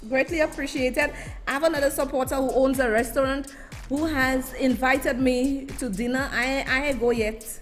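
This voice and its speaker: A woman's voice: high voice, moderate pace. A woman hosting a live stream, chatting and effusively greeting her viewers by name. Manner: animated, effusive, sing-song shout-outs. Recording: faint music behind.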